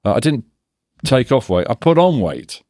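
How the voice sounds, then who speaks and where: A man's voice: mid-range voice, very animated, moderate pace, a little mellow, no room sound, studio quality. A man in his fifties, a podcast guest, talking reflectively and analytically in a casual interview, often restarting his sentences. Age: 50s.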